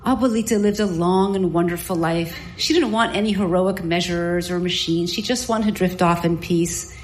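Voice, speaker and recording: A woman voicing a calm, gentle young male nurse, the patient's grandson, in a soft, measured way in a spoken story. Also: fairly low pitch, natural voice.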